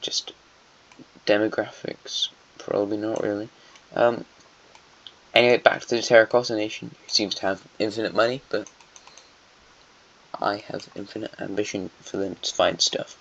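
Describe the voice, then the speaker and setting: A man's voice: fairly low pitch, level tone, moderate pace, gravelly, pauses often, fairly bright tone. A man narrating an alternate-history map in a casual, meandering way, musing aloud and correcting himself as he goes. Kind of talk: casual rambling commentary. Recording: dull lo-fi mic.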